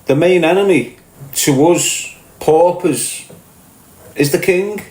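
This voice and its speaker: A man's voice: on the high side, takes it slowly, a little mellow, echoey room, low-quality recording. A man with a Scouse accent, a podcast guest talking in a blunt, profane rant and repeating his points. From Liverpool, England. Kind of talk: ranting conversational monologue.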